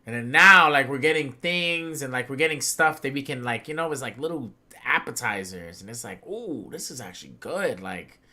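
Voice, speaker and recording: A young man chatting casually on a podcast, excitable and slangy, acting out characters' lines with big swings in his voice. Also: medium pitch, normal speed, hardly any pauses. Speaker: podcast co-host. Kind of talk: casual chat.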